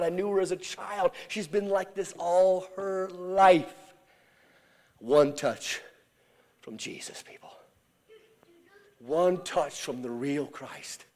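A man preaching as a traveling evangelist, telling a story and acting out the voices in it, swinging from shouts to hushed whispers. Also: sits high, gravelly, slightly rough. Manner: acts out quoted voices in storytelling. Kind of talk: sermon.

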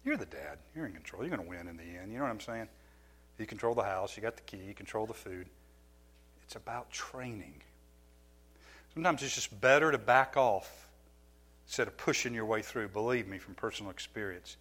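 A middle-aged man giving a sermon as a pastor, telling stories from his own life with lively, self-mocking laughter. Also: fairly low pitch, brisk. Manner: animated storytelling, laughing at himself.

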